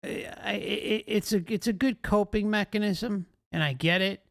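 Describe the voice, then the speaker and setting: A man's voice: sits high, steady tone, moderate pace, gravelly, no echo, studio quality. A male host giving emphatic commentary, often asking rhetorical questions.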